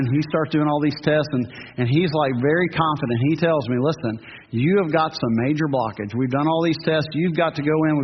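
A man's voice: a little high, slight background noise. A man in his fifties preaching a sermon in a church, earnest and rising to emphatic peaks, with joking asides to the congregation. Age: 50s. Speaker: pastor. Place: church sanctuary. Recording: dull audio with long hall reverb.

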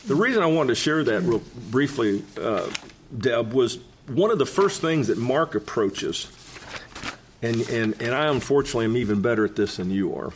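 Male co-host, casual scripture discussion, expressive pitch, laughs easily. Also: moderate pace, a little hiss or hum. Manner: animated, conversational, laughs often. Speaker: co-host of a Bible study talk. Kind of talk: casual Bible study chat.

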